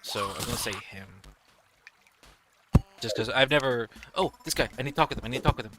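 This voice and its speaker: A man's voice: medium pitch, a little fast, music in the background. A young man rambling through casual gameplay commentary, telling stories animatedly and laughing as he goes. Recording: noisy home recording.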